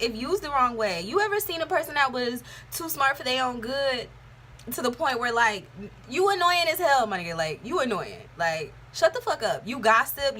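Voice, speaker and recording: A young woman gives a tarot reading in a loose, chatty way. She is frank and rambling and swears freely. Her voice is bright and forward, with a faint hiss of noise behind it. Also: high voice. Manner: candid, profane, rambling. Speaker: tarot reader. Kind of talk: casual tarot reading vlog.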